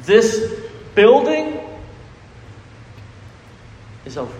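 A man's voice: high-pitched, huge pitch swings, drawn-out words, darkish tone, muffled recording, slight background noise. A man preaching a sermon, emphatic and full of questions to the congregation. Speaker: pastor. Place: church sanctuary. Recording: echoey reverberant church hall.

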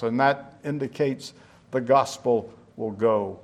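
Male preacher, unhurried delivery, teaching tone, asks the listeners questions. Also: mid-range voice, darkish tone. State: out of breath. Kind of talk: sermon.

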